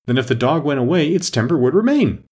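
A man voicing a bossy, imperious queen who scolds and commands in a raised falsetto. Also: sing-song, normal speed, breathy edge. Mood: domineering.

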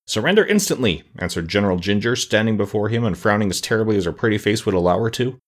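A man's voice: on the low side, fast. A man narrating a storybook aloud, reading expressively and doing the characters' voices.

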